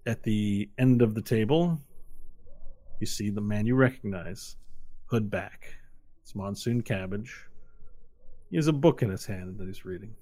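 Low-voiced guy running a tabletop game, describes scenes loose and rambly. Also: measured pace, long pauses, dark tone. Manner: descriptive, loose, with frequent filler phrases. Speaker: game master.

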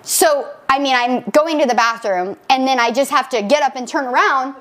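A woman's voice: moderate pace, poor audio. A young woman co-hosting a podcast, telling a story with lots of laughter and acting out what she said at the time. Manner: animated storyteller, laughing, acting out her own lines in higher voice. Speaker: podcast co-host. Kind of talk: casual chat, storytelling.

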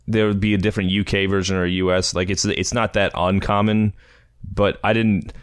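A man with a low voice talks as a podcast guest, recorded dry and close. He tells his stories wryly, poking fun at himself. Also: level tone, fairly quick, clean tone, dry recording. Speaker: guest music critic. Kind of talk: casual chat.

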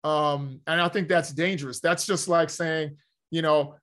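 A man's voice: on the high side, steady tone, measured pace, a bit bright. A man in casual conversation, talking in a rambling way with many restarts and "you know" fillers. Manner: rambling, self-correcting, frequent "you know".

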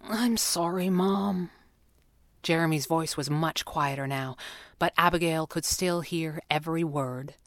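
Woman, audiobook narrator, expressive, fairly low voice, dry recording. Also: moderate pace, no room sound. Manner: expressive, voices each character.

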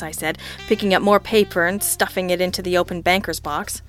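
A woman's voice: on the low side, steady tone, brisk, hardly any pauses, fairly bright tone, soft background music. A woman narrating a first-person audiobook with a wry, understated delivery.

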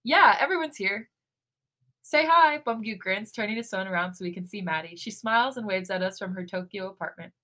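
A woman's voice: mid-range voice, fast talker, hardly any pauses, a bit bright. A woman co-hosting a podcast, reading fan fiction aloud with expression.

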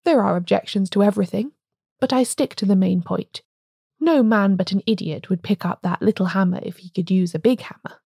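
A woman's voice: mid-range voice, fairly quick, vocal fry, dark tone, breathy edge, no room sound, studio quality. A woman reading a story aloud, voicing a blunt, peevish male doctor in a plain tone. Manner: brusque, sulky.

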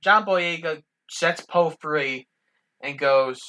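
A woman with a lowish but bright, forceful voice walks through a film's plot. She delivers it step by step in a matter-of-fact way, keeping the chat casual. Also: unhurried. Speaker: podcast co-host. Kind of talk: casual film recap, plot narration.

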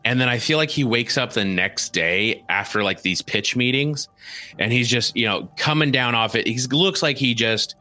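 Male podcast co-host, casual movie chat, animated and jokey, bright tone, faint music behind. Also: medium pitch, normal speed. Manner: animated, joking, slips into silly impressions.

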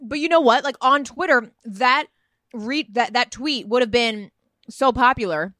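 A woman's voice: a little high, measured pace, bright, forceful tone, dry recording, clean studio sound. A woman in her thirties co-hosting a podcast, chatty and gossipy in casual conversation. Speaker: podcast co-host. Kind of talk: casual chat.

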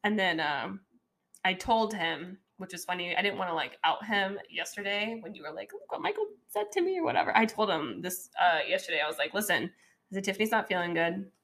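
A woman co-hosting a casual chat, telling a story and jumping into a higher voice for quoted lines. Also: expressive, fairly quick, a bit bright. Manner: storytelling, acting out dialogue in a raised voice.

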